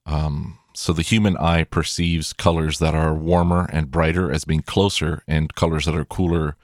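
Deep-voiced rambling man. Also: little pitch movement, moderate pace, no echo, studio quality. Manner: rambling, hesitant, with many restarts and fillers. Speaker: movie collection reviewer. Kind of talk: casual video commentary.

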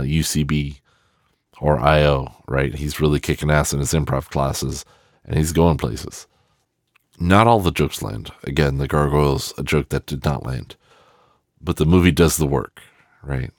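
A man's voice: extremely low pitch, no room sound, clean studio sound. A man giving a rambling, casual film commentary, swearing freely and trailing off in restarts. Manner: rambling and profane, with many fillers and restarts. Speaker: film reviewer.

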